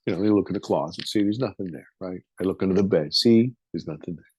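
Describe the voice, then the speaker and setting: A man's voice: low voice, fast talker, darkish tone, breathy edge, no echo. A man in his fifties, a podcast guest, telling a personal story in a vivid, emotional, casual way with some swearing.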